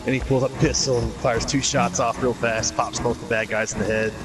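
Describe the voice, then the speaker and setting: A man's voice: mid-range voice, level tone, brisk. A man streaming a game, chatting casually in a rambling, profane storytelling way. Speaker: gaming streamer. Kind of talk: casual chat while gaming. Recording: voice over loud game music.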